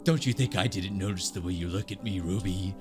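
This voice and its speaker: A man voicing a cold, commanding male villain who speaks slowly and low, with a threatening edge. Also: close to an everyday voice. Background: game music.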